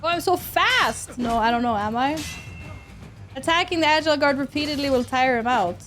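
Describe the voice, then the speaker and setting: A young Swedish woman streams a video game from home, chatting and giggling with her viewers as she plays. Her voice sits high with a fairly bright tone, and she talks at a moderate pace over soft background music.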